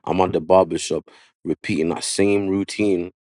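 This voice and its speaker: Podcast guest: male barber, London accent, low voice, slangy, animated, dry close mic. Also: normal speed, no echo. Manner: animated storyteller, slangy, repeats "yeah" and "you know what I mean". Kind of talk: casual storytelling interview. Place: podcast studio.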